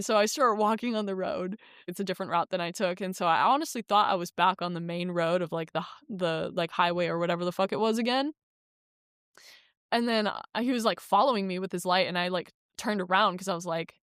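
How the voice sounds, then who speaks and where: A woman's voice: lowish voice, brisk, clear, resonant tone, no echo, clean studio sound. A young woman vlogger telling a story in casual, rambling talk, full of "like" and swearing, acting out the quotes. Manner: rambling, heavy use of "like", frequent swearing; animated retelling with acted quotes.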